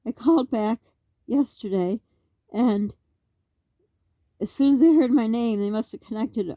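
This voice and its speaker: Middle-aged woman ranting on her vlog, kinda high voice but mellow, close dry sound, lots of why questions. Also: measured pace, no echo. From Canada. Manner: agitated, rambling, rhetorical questions. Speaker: vlogger. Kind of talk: casual vlog monologue.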